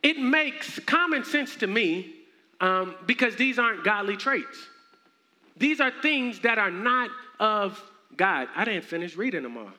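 Young male minister, high bright voice, playful slangy sermon, church hall echo. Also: a little slow. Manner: animated, slangy, humorous preaching. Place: church sanctuary. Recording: echoey hall, faint noise.

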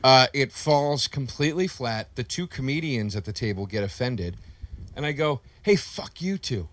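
A man's voice: medium pitch, moderate pace, fairly bright tone. A male comedian telling a story in casual podcast talk, acting out the quotes with plenty of life.

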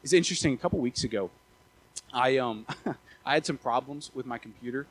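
A young man in his twenties preaching a casual, animated sermon as a pastor, often stammering and restarting his words. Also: medium pitch, fairly quick, low-quality recording. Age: 20s.

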